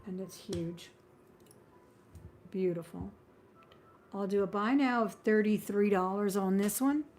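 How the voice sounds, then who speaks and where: Calling out buy-now prices during a live-stream jewelry sale, a woman speaks in an unhurried, medium-pitched voice with a darkish tone, and a little hiss or hum is audible. Her patter is chatty and friendly, often drifting into small talk punctuated by laughs.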